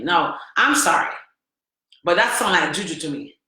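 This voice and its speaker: A woman's voice: lowish voice, lively intonation, normal speed, long pauses, bright, forceful tone. A woman vlogger telling a personal story with emphasis, repeating phrases and asking the listener questions. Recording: very echoey room.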